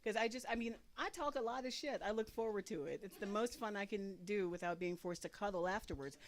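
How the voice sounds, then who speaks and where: A woman's voice: mid-range voice, a little fast, a little hiss or hum. A woman in her forties doing a stand-up comedy set on a live stage, with a brash, profane, punchy delivery. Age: 40s.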